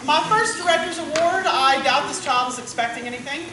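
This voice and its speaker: A woman who directs a band, announcing student awards at a banquet and calling out names with warm pride. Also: high voice, fairly quick. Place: school gym. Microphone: far from the recording device. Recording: echoey gym taped from far off. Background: crowd murmur and noise.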